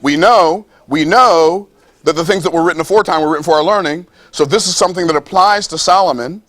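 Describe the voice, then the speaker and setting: High-voiced emphatic preaching man. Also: a bit bright, dry recording. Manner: emphatic, repeats phrases, reads scripture slowly; playful, acts out quoted voices. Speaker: speaker at a business seminar. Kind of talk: preaching-style motivational talk.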